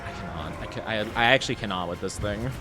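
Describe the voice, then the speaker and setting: With music playing underneath, this young streamer talks quickly in a fairly low voice while gaming. He teases his chat, gets excited easily, and reacts loudly to their comments during the casual stream.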